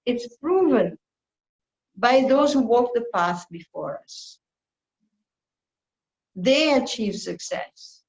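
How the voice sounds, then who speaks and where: A woman leads a reflective scripture class, her unhurried sermon-style delivery earnest and deliberate, now and then slipping into little acted-out quoted exchanges. Her voice rings around a roomy space. The recording itself sounds dull and lo-fi. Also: a little high, expressive, gravelly, darkish tone. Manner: slow, earnest teaching with playful acted-out quotes. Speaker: spiritual teacher giving a scripture class.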